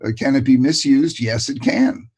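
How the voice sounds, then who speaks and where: Older man, casual interview guest, warm and enthusiastic, frequent restarts. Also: mid-range voice, moderate pace, slightly rough. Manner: warm, enthusiastic, repeats words and says "you know" a lot. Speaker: guest ADHD expert.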